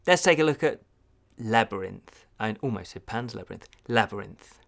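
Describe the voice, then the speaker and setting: A man's voice: on the low side, animated, moderate pace, creaky. A man giving a casual film review, chatty and digressive with wry asides.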